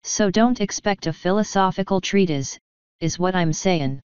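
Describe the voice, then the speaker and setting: A gruff, slow-drawling male street dog from a storybook, as a woman reads him, with a low, crisp voice and lazy dropped g's. The dull, dry recording has a muffled top. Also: darkish tone, no room sound, lightly acted.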